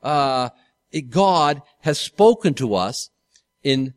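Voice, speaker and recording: A man's voice: mid-range voice, lively intonation, slow pace, dry recording, clean studio sound. A man pastor teaching a Bible study sermon in a conversational way, often correcting himself and asking the congregation questions.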